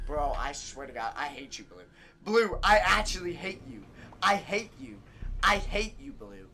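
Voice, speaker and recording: A young man with a high, bright voice rants through live gameplay commentary, swearing and exasperated. He drawls slowly, jumping from shouts to low mutters, with faint game music underneath. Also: animated. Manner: ranting, swings from shouting to muttering. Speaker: gaming streamer.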